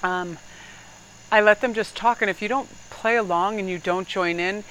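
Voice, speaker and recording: Lady doing a tarot reading, rambly and blunt, swears a lot, laughs, middle pitch, bit of faint hiss behind. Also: moderate pace, fairly bright tone, rough recording. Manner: laughs often, slips into mock voices. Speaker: tarot card reader. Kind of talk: casual tarot reading to camera.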